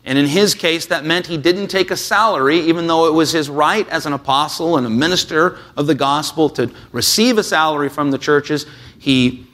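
A man preaching a sermon, reading a scripture passage and then explaining it in a relaxed, conversational way with frequent "uh"s. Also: fairly high pitch, normal speed. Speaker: pastor.

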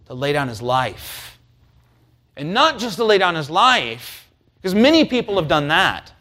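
Male preacher, slightly high voice, sermon delivery with hushed lows and fervent climbs. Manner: preaching with swings from hushed to rising intensity.

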